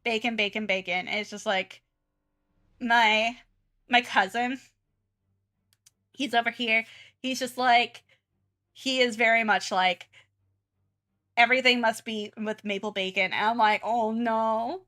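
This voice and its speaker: A woman's voice: on the high side, steady tone, unhurried, pauses often, pushed and bright. A young woman chatting casually and giggling often while she draws on a live stream. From Southern United States. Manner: chatty and giggly, many restarts and fillers. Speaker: art streamer.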